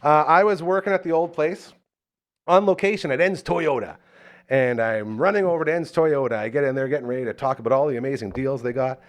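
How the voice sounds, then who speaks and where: A man hosting a live local talk show, telling stories in a casual, animated way and acting out the voices in them. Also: medium pitch, a little fast. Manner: animated storyteller, acts out the voices in his stories. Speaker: radio show host.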